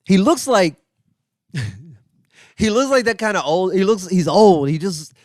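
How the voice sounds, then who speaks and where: A man hosting a comedy podcast, riffing sarcastically in a rambling, profane monologue full of restarts and sudden high exclaims. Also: animated, slow, no room sound, studio quality. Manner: jumps into high exclaims for emphasis. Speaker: podcast host.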